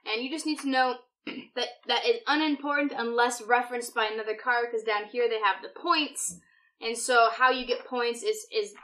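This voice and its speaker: A woman's voice: fairly high pitch, bright, forceful tone. A woman co-hosting a board game review, explaining things in a chatty, rambling way. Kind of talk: casual review chat.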